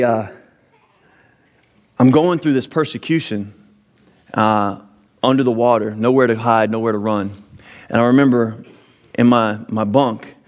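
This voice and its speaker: Casting: man, 30s, mid-pitched preacher sharing a heartfelt personal testimony, rising emphatic delivery. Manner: earnest storytelling, pitch rising sharply when emphatic. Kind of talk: sermon testimony.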